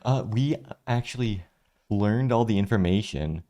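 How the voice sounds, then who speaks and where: A man co-hosting a reaction video, talking in a relaxed, halting way with many fillers. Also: on the low side. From United States. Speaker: reaction channel co-host. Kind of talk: casual reaction chat.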